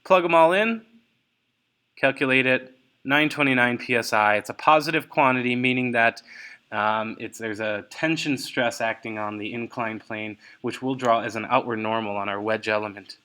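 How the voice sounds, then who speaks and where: A man's voice: medium pitch, normal speed, pushed and bright, clean tone. A man teaching engineering, talking through a worked problem step by step with frequent fillers and self-corrections. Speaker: engineering instructor. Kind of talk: recorded lecture walkthrough.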